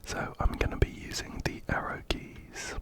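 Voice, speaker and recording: A man whispering gently up close into a binaural mic as an ASMR host chatting through a game. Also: moderate pace. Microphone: binaural ear-to-ear mic.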